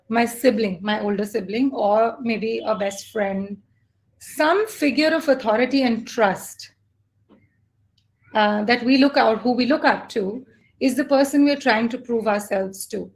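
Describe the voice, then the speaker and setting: A woman life coach giving a live online coaching talk, earnest and reflective, telling personal stories. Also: fairly high pitch.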